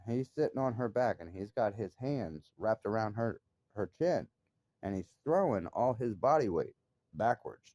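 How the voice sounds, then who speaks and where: A man's voice: lowish voice, dark tone, no echo, dull audio. A man talking straight to his viewers in a casual monologue, telling an upsetting story in an agitated, emphatic way with frequent swearing. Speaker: vlogger.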